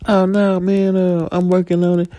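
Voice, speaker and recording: A man's voice: sits high, monotone, normal speed, dark tone, no room sound, pitched above the performer's own voice, close to an everyday voice. A man doing an evasive debtor stalling. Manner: stalling, defensive. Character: evasive male dealer who owes money.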